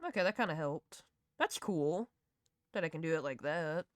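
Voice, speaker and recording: A woman's voice: deep voice, lively intonation, moderate pace, no echo, studio quality. A woman with a Southern US accent chatting casually on a live stream while she draws, rambling, laughing and swearing freely. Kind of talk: casual chat while drawing.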